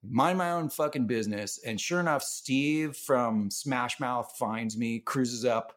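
A man's voice: medium pitch, a little slow, fairly bright tone. A man, a band member, telling road stories casually on a podcast, laughing often and swearing freely. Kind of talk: casual storytelling.

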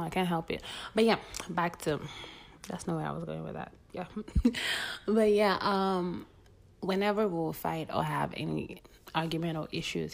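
A woman's voice: fairly low pitch, creaky, darkish tone, a little hiss or hum. A young woman hosting a podcast, talking candidly in a casual advice monologue drawn from her own life. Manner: candid, conversational, sharing personal stories. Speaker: podcast host.

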